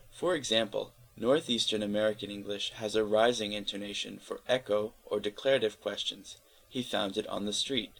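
A man reading an encyclopedia article aloud in a steady, careful way, spelling out letters where needed. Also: on the low side, vocal fry, rough recording. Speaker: volunteer reader of an encyclopedia article. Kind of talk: read-aloud article narration.

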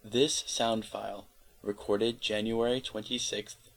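A man reading an encyclopedia article aloud in a steady, careful way, spelling out letters where needed. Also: fairly low pitch, slow, creaky, low-quality recording. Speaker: volunteer reader of an encyclopedia article. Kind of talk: read-aloud article narration.

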